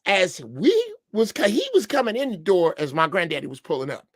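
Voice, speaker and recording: A man's voice: high-pitched, sing-song, a little fast, no room sound, clean studio sound. A man in his sixties from Chicago, telling a story on a podcast in a blunt, profane way. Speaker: podcast panelist. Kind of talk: casual chat.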